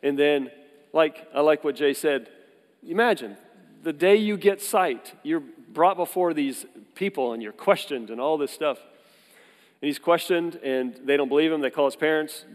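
A man in his forties preaching to a congregation, telling funny stories in a conversational, jokey way with quick asides. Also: on the high side. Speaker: pastor. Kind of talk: sermon with personal stories. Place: church hall. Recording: long hall reverb.

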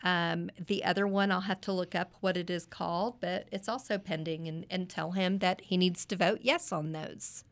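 A middle-aged woman, a podcast guest, telling a family story in a lively way. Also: fairly low pitch, normal speed, hardly any pauses. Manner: animated storyteller, acts out quoted voices. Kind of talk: conversational storytelling interview.

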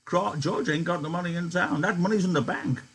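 A man reading aloud as a worn old farmhand who dreams of owning land, his voice lifted high and earnest. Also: fairly quick, a bit bright, slight background noise. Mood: yearning. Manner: raised pitch, earnest, insistent.

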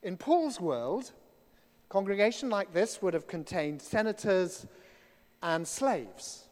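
Male preacher, chatty and wry, lively delivery, big church echo. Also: sits high, slow. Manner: conversational, self-deprecating asides. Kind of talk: sermon. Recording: long reverb of a church hall.

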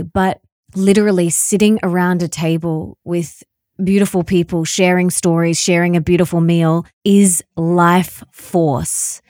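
A woman hosting a podcast, speaking in a warm, enthusiastic, heartfelt way. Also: fairly low pitch, steady tone, unhurried, no room sound, clean studio sound. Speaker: podcast host. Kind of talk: podcast interview chat.

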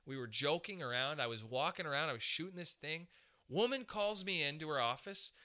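A man's voice: a little high, brisk. A young man doing a rambling, profane stand-up style monologue. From Canada. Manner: profane, rambling, animated asides.

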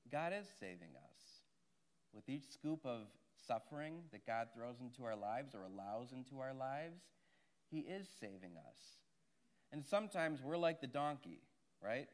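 A man's voice: medium pitch, expressive, normal speed. A man, a Catholic priest, giving a sermon in a conversational, storytelling way, with frequent asides to the listeners.

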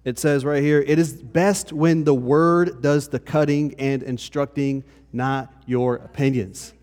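A pastor speaks to his congregation in a darkish, mid-range voice with fairly even intonation and a measured pace, often adding "okay?" to keep them with him. The sermon is conversational, and the church hall gives the recording a long reverb.

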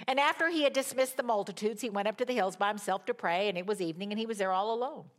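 A woman preaching a sermon, retelling a scripture story with animated emphasis and pauses. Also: on the high side.

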